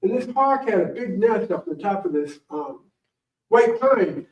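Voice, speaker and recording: A morel hunting champion, here as a guest speaker, tells stories to an audience in a library meeting room, rambling, animated and full of anecdotes in a casual way. His voice sits high and moves a little slowly. The recording is roomy, distant and dull, picked up from far across the room.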